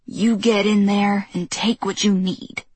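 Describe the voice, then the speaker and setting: A woman's voice: medium pitch, fairly even intonation, a little slow, darkish tone, breathy edge, dry recording. A woman voicing a frail, skinny older woman who bluntly scolds and snaps orders at her neighbors. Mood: stern.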